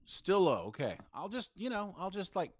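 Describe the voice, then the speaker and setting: A man co-hosting a live podcast in casual chat, tired, with a rough morning voice and a quiet desk mic. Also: high voice, normal speed. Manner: tired, self-deprecating, animated. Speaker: podcast co-host. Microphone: desk microphone, quiet in the mix.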